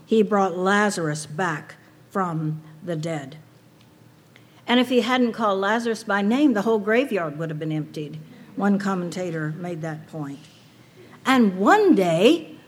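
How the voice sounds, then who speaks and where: A woman's voice: medium pitch, sing-song, a little slow, slightly rough. A woman preaching a sermon to a women's audience, earnest and personal, asking rhetorical questions.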